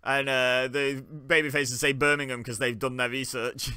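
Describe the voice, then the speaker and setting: Wry, bright-voiced man. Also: medium pitch, level tone, moderate pace, clean tone, no room sound, studio quality. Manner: wry, joking, laughs often. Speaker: watch-along host. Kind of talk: casual live commentary.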